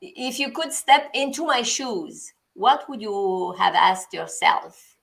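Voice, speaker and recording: A woman's voice: mid-range voice, expressive, takes it slowly, creaky, fairly bright tone. A woman hosting an interview, asking questions in an earnest, encouraging way. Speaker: interview host. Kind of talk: conversational interview.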